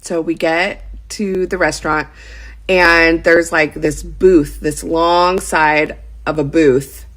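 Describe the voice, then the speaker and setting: A woman's voice: low voice, fairly even intonation, takes it slowly, fairly bright tone. A woman in her thirties telling a personal story in a casual vlog, chatty and full of "like" fillers. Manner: chatty, heavy use of "like" fillers. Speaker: lifestyle vlogger.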